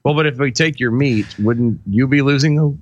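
A man's voice: mid-range voice, moderate pace, lo-fi sound, slight background noise. A middle-aged man co-hosting a casual podcast, joking and laughing often as he banters. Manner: jokey, animated, laughs often. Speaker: co-host.

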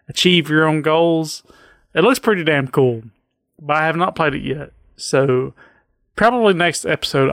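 A man hosting a casual podcast, swearing freely and enthusiastically pitching a board game to his co-host. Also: smooth, no echo, clean studio sound. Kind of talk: casual chat.

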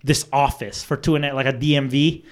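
A man telling a story in casual chat, animated and profane, acting out the people he quotes. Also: medium pitch, brisk.

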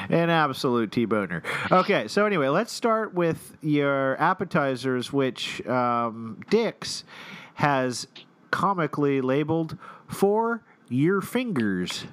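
Laid-back guy joking thru a menu, slow talker, voice jumps all over. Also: a little high, fairly bright tone. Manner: laughing, playful, swears freely. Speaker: podcast co-host. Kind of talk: casual chat reading a restaurant menu.

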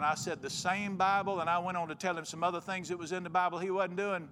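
A man's voice: sits high, fairly even intonation, fast talker, hardly any pauses, fairly bright tone, a little hiss or hum. A man preaching a folksy, joking, emphatic sermon. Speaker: pastor.

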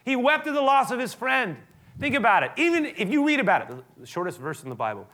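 A man preaching a sermon, animated, building to loud emphatic peaks and dropping to soft tones, often restarting his sentences. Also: very high-pitched, fast. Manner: frequent restarts and repetitions. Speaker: pastor.

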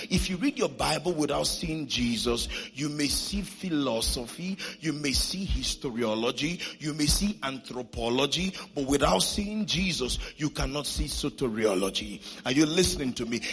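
A man preaching a sermon from scripture, with emphatic, sing-song repetition that rises into shouting. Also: mid-range voice, breathy edge. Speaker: pastor.

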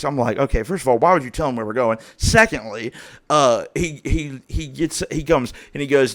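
A man's voice: medium pitch, a little fast, fairly bright tone. A man, telling a story in casual, profane podcast chat and acting out the quotes. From Ohio, USA. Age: 30s. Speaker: podcast host.

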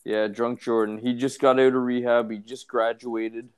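A man, drunk and high, telling a story in a laid-back, swearing way in casual podcast chat. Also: level tone, moderate pace, a little mellow, smooth. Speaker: podcast co-host.

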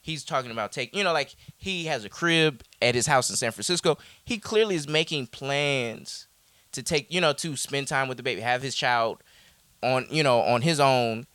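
A man's voice: mid-range voice, moderate pace, a bit bright, clear, resonant tone, dry recording. A man co-hosting a casual chat, rambling through a story recap with many restarts. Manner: rambling, restarts, quotes characters in voices. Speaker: podcast co-host recapping a show.

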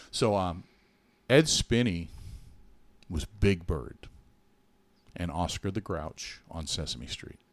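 A middle-aged man co-hosting a podcast, telling a personal story in an earnest, animated way with many restarts. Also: sits low, no echo. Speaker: podcast co-host. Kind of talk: casual storytelling chat.

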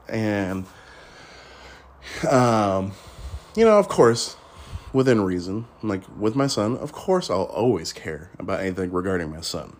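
A man's voice: lowish voice, very animated, a little slow, long pauses. A man in his thirties hosting a podcast, rambling casually in a blunt, crude way and laughing often. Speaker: podcast host.

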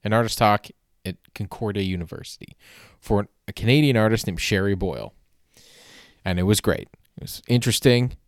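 On his casual solo podcast, a man with a very low voice talks a little fast, rambling and frequently restarting his sentences. His manner is wry and self-deprecating with casual swearing, and the recording is dry and close, without any room sound.

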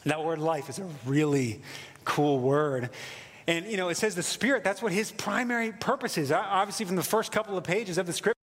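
A man preaching a sermon with an American accent, in a casual, excited way with lots of fillers. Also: high-pitched, fairly quick, big-room sound. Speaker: pastor.

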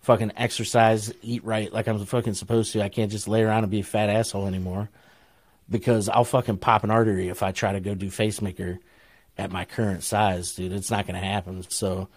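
A man's voice: lowish voice, little pitch movement, a little fast, dry recording. A middle-aged man with an Ohio accent, telling a long story on a podcast in a laid-back, profane way and laughing often. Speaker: podcast co-host. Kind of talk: casual chat, storytelling.

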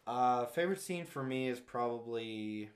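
A man's voice: medium pitch, expressive, moderate pace, slight background noise. A young man co-hosting a casual movie review chat, rambling and full of "like" and acted-out quotes. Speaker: co-host.

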